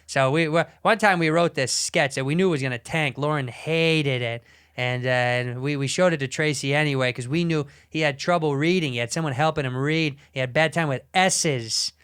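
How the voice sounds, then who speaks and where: A man co-hosting a podcast, telling an animated, profane story in casual talk with frequent restarts. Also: on the high side, normal speed, clean tone. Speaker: podcast co-host.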